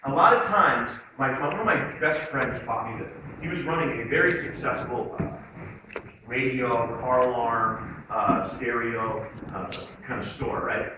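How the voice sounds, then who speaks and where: A man, an author speaking to students, giving a motivational talk as an animated storyteller who acts out the voices. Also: medium pitch, measured pace. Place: hall or classroom. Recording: echoey hall, distant mic, noise.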